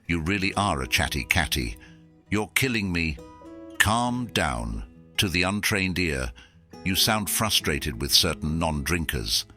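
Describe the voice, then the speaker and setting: A man's voice: low voice, sing-song, measured pace, pushed and bright. A man in a comedy sketch who talks in a sarcastic, exasperated way. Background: faint music.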